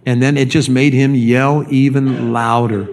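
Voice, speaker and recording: A man's voice: mid-range voice, little pitch movement, measured pace, a little mellow. A man preaching a sermon as pastor, speaking emphatically and often repeating words as he builds a point.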